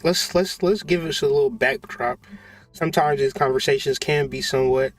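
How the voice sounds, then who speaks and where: A man's voice: medium pitch, normal speed. A man in a casual, profane monologue, joking and laughing as he talks. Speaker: channel host.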